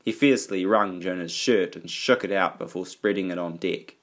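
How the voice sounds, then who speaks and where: A man reading an audiobook aloud in a steady, even storytelling manner. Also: deep voice, moderate pace, hardly any pauses. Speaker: audiobook narrator. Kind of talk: audiobook narration.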